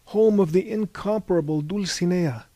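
A man's voice: high voice, moderate pace, mellow, dry recording, pitched above the performer's own voice, natural voice. A man voicing an eager, dreamy traveler who declaims old-fashioned romantic verse.

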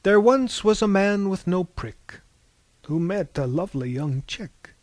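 A man's voice: high voice, animated, unhurried, no echo, pitched above the performer's own voice. A man narrating and voicing a bawdy, mischievous young man with a cheeky, sing-song delivery.

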